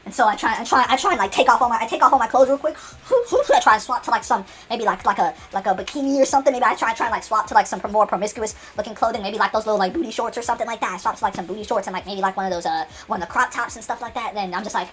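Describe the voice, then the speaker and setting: A woman's voice: fairly high pitch, rapid-fire, hardly any pauses, a bit bright, faint music behind. A woman telling an unscripted comic story, rambling with many restarts and acting out the dialogue.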